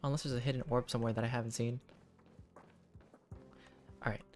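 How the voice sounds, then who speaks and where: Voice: medium pitch, little pitch movement, a little fast, darkish tone, faint music behind. A streamer casually chatting through a story game and poking fun at themselves while reading along. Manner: chatty, self-mocking, reads game text aloud with laughs. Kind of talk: casual gameplay commentary.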